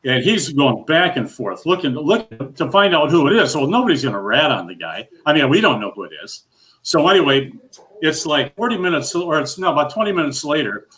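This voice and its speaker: A man's voice: on the high side, sing-song, fairly quick, a bit bright. An older man telling a long, rambling bowling story in casual chat, full of restarts and his own laughter. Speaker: guest storyteller.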